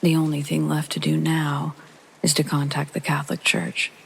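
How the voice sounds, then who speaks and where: A man hosting and narrating a true horror story in a hushed, half-whispered way, with a gravelly, husky and breathy voice. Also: on the high side, flat delivery, normal speed, a little hiss or hum, poor audio. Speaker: host and narrator.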